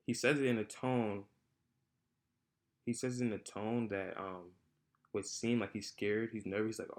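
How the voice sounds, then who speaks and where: Young adult man, lowish voice, student presenter, unpolished and halting with many fillers. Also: fairly even intonation. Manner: unscripted, hesitant, with frequent fillers and repeated phrases. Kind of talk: spoken class presentation on comedy.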